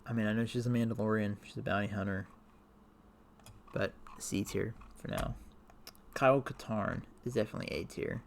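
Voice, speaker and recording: Gravelly-voiced man rambling through a ranking. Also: fairly low pitch, steady tone, normal speed, pauses often, a little hiss or hum. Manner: rambling, hesitant, many fillers. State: tired, voice wearing out. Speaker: youtuber ranking characters. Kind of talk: casual talk to camera.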